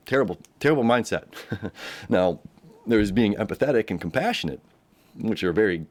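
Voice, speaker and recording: A man with a lowish voice talks through an astrology forecast in a loose, casual way. He often restarts his sentences and slips into animated voices when he quotes people.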